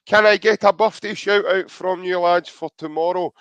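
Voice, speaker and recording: A man's voice: sits high, fairly even intonation, moderate pace, a bit bright, smooth, no room sound. A young man with a Scottish accent co-hosting a live podcast, joking around and reading out viewer comments in a casual chat. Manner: jokey, chatty, reads out viewer comments. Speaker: podcast co-host.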